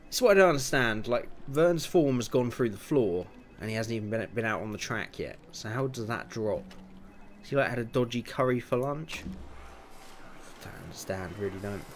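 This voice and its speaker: Streaming a racing management game, a man in his twenties chats casually and mutters to himself while adjusting car setups, dropping chuckling asides. He has a mid-range voice with lively intonation and normal speed, and there's a little hiss or hum.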